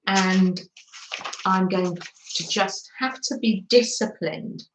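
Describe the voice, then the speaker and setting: An English woman chats through a crafting livestream, gushing over everything and laughing softly. She talks slowly at a middle pitch. Her voice rings in an echoey room. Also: background noise. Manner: chatty, gushing with frequent little laughs. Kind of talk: live-stream crafting chat.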